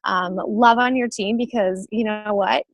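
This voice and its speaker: A woman's voice: mid-range voice, fairly even intonation, unhurried, no echo, low-quality recording. A young woman on a video call giving an emotional, gushing motivational sales talk, with frequent ums. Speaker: guest speaker on a team call.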